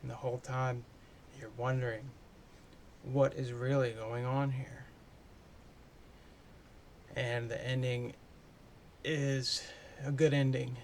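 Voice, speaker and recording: A man's voice: medium pitch, flat delivery, takes it slowly, long pauses, slight background noise. A man doing a casual, chatty movie review, loose and full of swearing.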